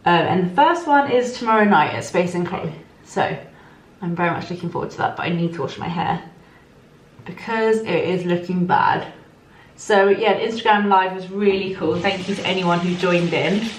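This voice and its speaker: A woman's voice: lowish voice, normal speed, rough recording. Chatty young woman vlogging to camera. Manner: chatty, bubbly, lots of fillers. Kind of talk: casual vlog chat. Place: at home, then out in town.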